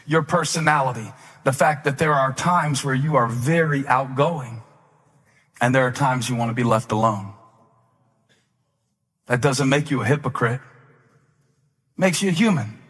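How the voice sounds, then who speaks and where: A man preaching a sermon in a large church, speaking with passion and rising to shouts. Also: medium pitch, unhurried, pauses often, breathy edge. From South Carolina, USA. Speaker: pastor. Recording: long hall reverb.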